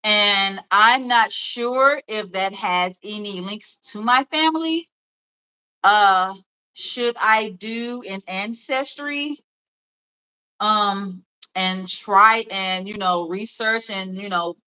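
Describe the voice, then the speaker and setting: A woman's voice: mid-range voice, takes it slowly, pushed and bright, smooth, poor audio. A woman in her thirties with a Memphis accent, hosting a livestream in rambling, chatty talk full of fillers and laughs. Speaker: livestream host. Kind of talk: casual chat.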